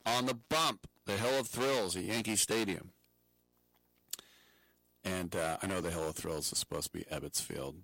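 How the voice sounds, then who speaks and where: A man's voice: low voice, pushed and bright, no room sound, low-quality recording. A man hosting a sports radio show, talking baseball in an opinionated, jokey way and laughing at his own puns.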